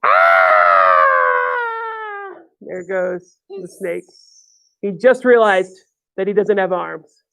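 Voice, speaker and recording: A woman reading a picture book aloud to a child, animated and encouraging, stopping to ask him questions. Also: mid-range voice, takes it slowly, creaky.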